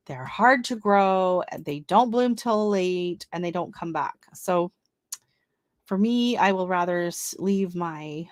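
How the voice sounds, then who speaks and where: Reading seed listings aloud and reacting as she chats with viewers, this woman hosts a relaxed gardening livestream; she is not from Canada. Her voice is on the low side and unhurried, captured at studio quality without echo.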